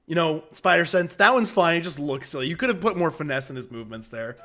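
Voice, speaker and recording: Casting note: high-voiced male streamer, chatty and opinionated, swears freely while playing. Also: animated, quick pace, fairly bright tone. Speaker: gaming streamer. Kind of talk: casual gameplay commentary.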